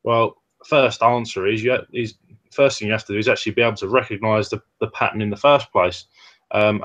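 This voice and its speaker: A man's voice: fairly low pitch, fairly bright tone, muffled recording. A man co-hosting a casual webcast chat, explaining things step by step with hesitant fillers. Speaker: co-host, personal trainer.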